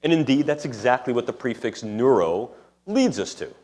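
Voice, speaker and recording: A man's voice: mid-range voice, big pitch swings, normal speed, darkish tone. A man with a New York City accent giving a public lecture to an audience, speaking in a discursive, academic way with technical jargon. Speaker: guest lecturer. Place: lecture room before an audience.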